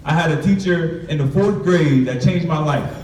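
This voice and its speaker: With a slightly high, somewhat mellow voice at a moderate pace, a young man who is an author speaks to students in a motivational storytelling talk, recounting his past candidly in street style and voicing the people he quotes. The room is echoey, the mic distant, and there is slight background noise.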